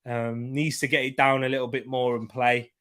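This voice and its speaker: A man's voice: medium pitch, little pitch movement, normal speed, a bit bright, clean tone. Rambling man hosting a football watchalong. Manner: rambling, repeats himself, reads out chat comments. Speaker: host of a football watchalong stream. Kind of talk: casual live match commentary and chat.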